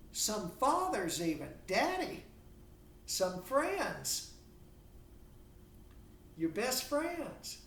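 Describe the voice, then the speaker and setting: A man's voice: fairly high pitch, a bit bright, a little hiss or hum. A man giving a lecture who asks rhetorical questions and acts out imagined dialogue. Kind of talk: recorded university lecture. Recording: echoey room, mic at a distance.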